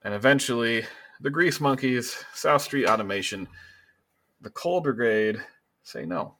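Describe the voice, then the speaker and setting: A man narrating a tabletop game as game master, relaxed and with fillers. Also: medium pitch, a little slow.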